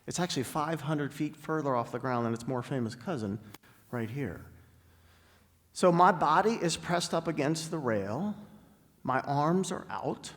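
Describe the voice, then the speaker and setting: A middle-aged man giving an inspirational talk as a guest speaker, telling stories with dramatic pauses and slowing down for emphasis. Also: on the high side, animated, fairly bright tone. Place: large spiritual center hall. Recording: long hall reverb.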